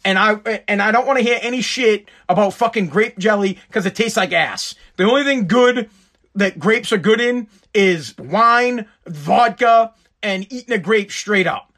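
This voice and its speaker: A man's voice: high voice, measured pace, bright, forceful tone. A man with a Massachusetts accent hosting a show, ranting bluntly and with lots of profanity in casual commentary. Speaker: podcast host.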